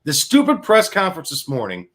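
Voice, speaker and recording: A man's voice: a little high, huge pitch swings, a little fast, a bit bright. Guy hosting sports talk, fired up, cursing, voice swinging up and down a lot. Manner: fired-up, profane, repetitive restarts. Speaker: sports talk show host. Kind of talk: heated sports radio rant.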